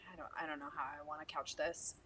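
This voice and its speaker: A woman with a fairly low voice joins a casual conversation as a guest. She talks things through step by step and slips into acted-out quotes of what others might say. Faint background noise sits under her voice. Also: little pitch movement, quick pace, bright, forceful tone, poor audio. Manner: analytical, acts out quoted voices. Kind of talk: casual chat.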